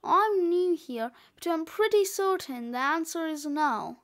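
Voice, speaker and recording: An eager young shop clerk offers help in a bright, high voice, as a woman reading a storybook puts her on. She takes her time with each question. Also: animated, a little slow, heavily acted. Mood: helpful.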